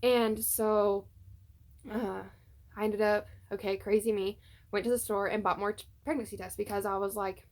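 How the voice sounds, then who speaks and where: A woman's voice: mid-range voice, little pitch movement, normal speed, a little mellow. A young woman chatting casually to her phone camera at home, telling a personal story with many fillers. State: tearful at times. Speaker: vlogger. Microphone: phone on a tripod.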